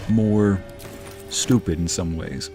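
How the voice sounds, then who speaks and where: A man's voice: deep voice, slow pace, warm tone, soft background music. A man streaming a video game, chatting casually with viewers and answering their messages, sometimes slipping into Spanish phrases. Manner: chatty, reads and answers chat aloud, drops into Spanish phrases.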